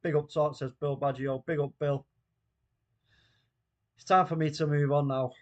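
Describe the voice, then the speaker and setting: A man hosting a casual live stream, his voice sitting a touch higher than most. He banters loosely, reads comments from the chat aloud, and laughs easily as he goes. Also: little pitch movement, normal speed, highs cut off. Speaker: watchalong host.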